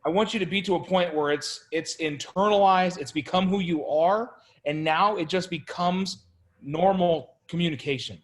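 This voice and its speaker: Male sales coach, high voice, lively and pushy with the room. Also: normal speed. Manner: animated, coaxing, calls out to the room. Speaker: sales trainer. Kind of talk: energetic group coaching session.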